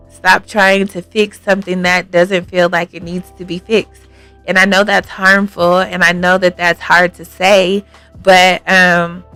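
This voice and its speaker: A woman's voice: on the low side, a bit bright, clean tone, no echo. A woman hosting an advice show, talking casually and reading out viewer comments. She speaks earnestly and thinks aloud with lots of fillers.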